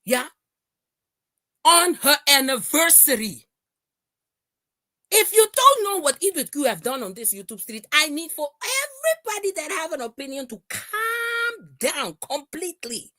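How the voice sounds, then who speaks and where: A woman on a heated livestream, her voice high and bright, swinging widely in pitch as she confronts and repeats herself. The sound is dry and close. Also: sing-song, moderate pace, hardly any pauses, no room sound. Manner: confrontational, repeats lines, shouts at times. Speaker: livestream host.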